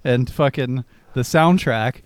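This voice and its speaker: A man's voice: medium pitch, slow, clean tone, no room sound. A man co-hosting a podcast, joking wryly in casual movie chat. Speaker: podcast co-host.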